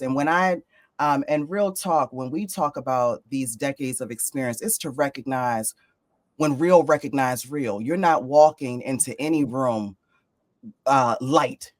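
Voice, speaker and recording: A woman hosting a casual interview, upbeat and playful with emphatic delivery. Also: low-pitched. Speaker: podcast host.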